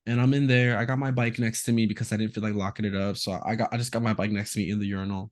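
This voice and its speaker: A man's voice: fairly low pitch, racing. A man hosting a casual podcast, telling a story and acting out the quotes in it. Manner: animated storyteller, acts out quotes. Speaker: podcast host.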